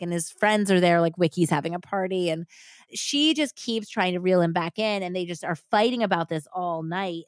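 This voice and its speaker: A woman's voice: on the low side, smooth, dry recording, clean studio sound. A woman podcast host retelling a story in casual chat, acting out the quotes as she goes. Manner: animated retelling with acted-out quotes.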